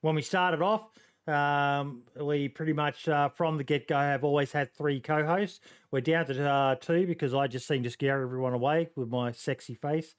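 A man's voice: a little high, steady tone, normal speed, clean tone. A man with an Australian accent hosting a casual podcast chat, hesitant with lots of ums and joking. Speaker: podcast host.

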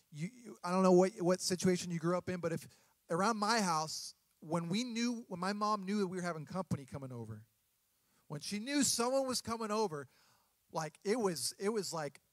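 A man in his thirties preaching a sermon as a pastor, earnest and halting, often restarting his sentences. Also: high-pitched, no room sound.

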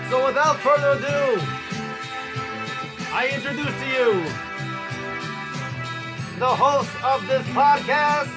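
A man doing a booming high hype announcer. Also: music in the background, low-quality recording. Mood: hyped. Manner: dramatic, drawn-out announcer delivery.

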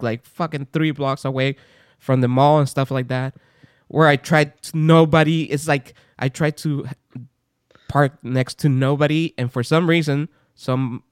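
A man co-hosting a podcast, telling rambling, animated stories in a casual chat and swearing now and then. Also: fairly high pitch, clean tone, no room sound, studio quality. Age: adult parent. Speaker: podcast co-host.

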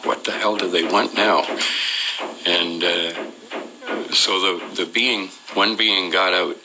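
Rambling through a story from his own life with no script, a man keeps stalling on "uh" and restarting mid-sentence. His voice sits low and sounds pushed and bright, captured in a rough recording with slight background noise.

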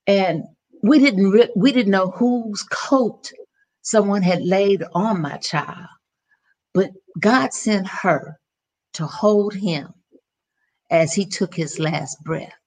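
A woman's voice: mid-range voice, slow, darkish tone. A middle-aged woman, an interview guest, telling a personal story in an earnest, emotional way with many restarts.

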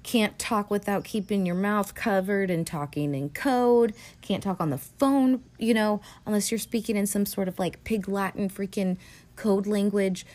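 A woman's voice: mid-range voice, measured pace, a little mellow. A woman hosting a podcast, recapping a film in a rambling, casual way with lots of fillers and swearing. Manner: rambling, profane, filler-heavy. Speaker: podcast host.

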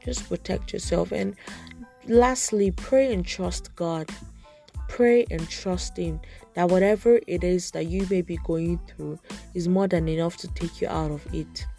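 A woman's voice: on the low side, unhurried, gravelly, mellow, soft background music. Earnest young woman giving faith advice. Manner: earnest, conversational, lots of "like" fillers. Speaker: Christian vlogger giving advice. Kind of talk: casual faith talk to camera.

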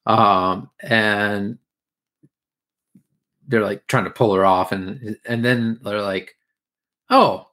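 A man's voice: lowish voice, fairly even intonation, takes it slowly, long pauses, sharp tone. Rambling crude man on a podcast. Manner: rambling, crude, lots of fillers and laughs. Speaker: podcast co-host recapping an anime episode. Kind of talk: casual chat.

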